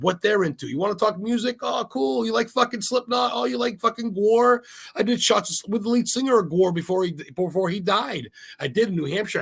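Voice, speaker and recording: A man from Maine, a podcast guest, talking in a rambling, excitable way and swearing freely. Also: a little high, vocal fry, husky. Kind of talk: casual interview chat.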